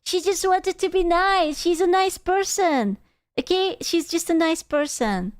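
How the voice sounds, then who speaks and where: A woman streamer giving casual, animated reaction commentary, gasping and laughing as she talks. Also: very high-pitched, unhurried, dry recording. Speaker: VTuber streamer reacting to videos.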